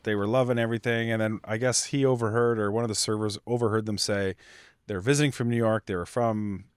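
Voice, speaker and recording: A man, a chef guest on a podcast, telling stories casually with lots of fillers, getting animated when annoyed. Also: lowish voice, fast, clean tone, no echo, clean studio sound. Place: podcast studio.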